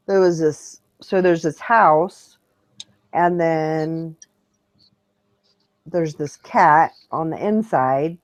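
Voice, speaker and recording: A woman hosts a casual online morning chat in a low, unhurried voice. She rambles through stories, often restarting her sentences. The sound is dry and close, with no room echo. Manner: rambling, chatty storytelling with restarts. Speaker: host of a morning hangout show. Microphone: online video hangout.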